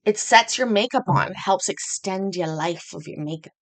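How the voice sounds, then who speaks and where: A woman's voice: mid-range voice, animated, normal speed. A woman talks casually to her livestream audience from home, rambling from one thought to the next. Her voice sits in a middling range, and her manner is chatty and self-deprecating. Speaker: host.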